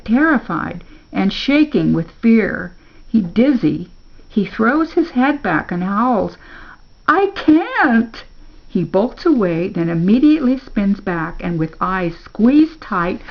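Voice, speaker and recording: An older woman, a grandmother, reading a children's story aloud in a slow, gentle storybook manner. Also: mid-range voice, expressive, gravelly, highs cut off.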